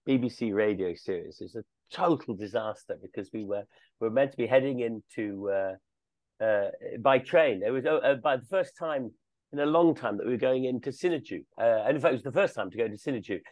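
A man chatting casually, telling stories haltingly with many pauses and restarts, and chuckling through them. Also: medium pitch, expressive, darkish tone, no echo, rough recording. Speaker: guest, tour company co-founder. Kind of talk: casual storytelling chat.

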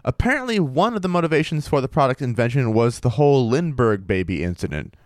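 Animated man telling spooky stories. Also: medium pitch, quick pace, dry recording, studio quality. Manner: wry, animated storytelling. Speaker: podcast co-host. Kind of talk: casual chat, reading stories aloud.

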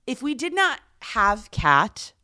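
A woman's voice: a little high, very animated, slow, sharp tone, no room sound, studio quality. A woman co-hosting a casual podcast, chatting and gossiping about reality TV and laughing often. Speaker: podcast co-host. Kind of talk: casual chat recapping reality TV.

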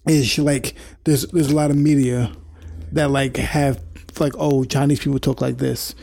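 A man's voice: medium pitch, little pitch movement, moderate pace, gravelly, warm tone. A man from New York co-hosting a casual chat, earnest and explaining, often stammering through restarts. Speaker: podcast co-host.

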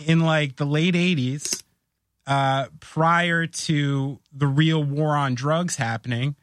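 A man's voice: a little high, fairly even intonation, slow pace, a little hiss or hum. A man hosting a casual podcast chat, telling long rambling stories full of fillers. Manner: rambling, filler-heavy storytelling. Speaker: podcast host.

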